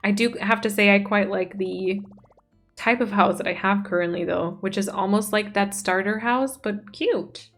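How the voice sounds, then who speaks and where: Girl streamer gushing over her game, chatty, soft music behind. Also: medium pitch, moderate pace. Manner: gushing, reads chat messages aloud. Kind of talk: casual chat while gaming.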